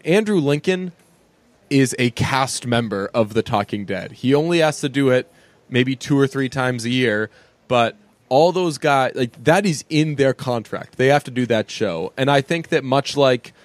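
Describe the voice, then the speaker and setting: A man's voice: medium pitch, lively intonation, measured pace, no echo. Chatty man in a dry room. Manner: chatty, joking, mimics voices in quotes. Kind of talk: casual chat.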